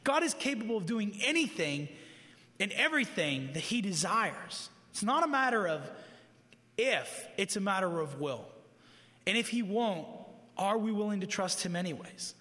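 Very animated and speaking at a normal speed, a man with a high, pushed, bright voice preaches earnestly and conversationally to a roomful of people, leaning on repetition for emphasis. The sound is big-room. He is living with heart disease and gets tired easily.

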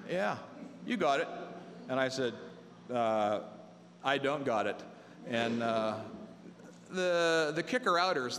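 A man's voice: mid-range voice, fairly bright tone, in a large hall, slight background noise. A man preaching a conversational sermon, telling stories and mimicking other people's voices for humor. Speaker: pastor.

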